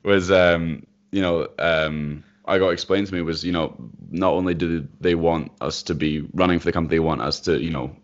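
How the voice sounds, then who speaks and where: A man's voice: deep voice, steady tone, normal speed, few pauses. A young man, a professional runner, talking casually and thoughtfully with many hesitations. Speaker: professional runner, podcast co-host. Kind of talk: casual chat. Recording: dull lo-fi audio.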